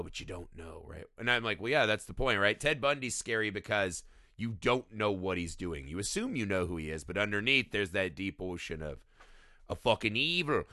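A man's voice: fairly low pitch, dry recording, studio quality. A man co-hosting a podcast, talking about films in casual, profane chat and often tagging "right?" onto his sentences. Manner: profane, animated, keeps saying "right?". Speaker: podcast co-host.

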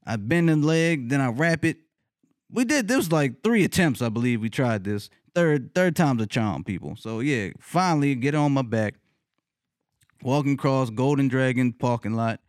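A man casually telling a funny personal story, cursing freely, laughing often and leaping up in pitch when he retells his reactions. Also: darkish tone, dry recording, clean studio sound. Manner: laughs often mid-sentence.

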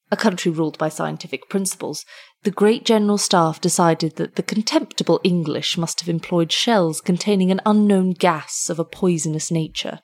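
A woman narrating a story in a measured, scripted storytelling delivery. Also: on the low side, darkish tone.

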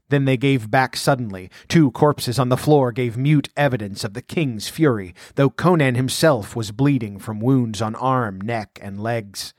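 A man's voice: mid-range voice, no room sound. Dry-voiced male audiobook narrator. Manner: measured, vivid storytelling.

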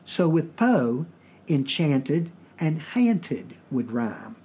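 A man from Virginia with a Southern US accent, hosting a podcast and explaining things in plain, measured talk. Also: on the high side, big pitch swings, dark tone, a little hiss or hum. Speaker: podcast host.

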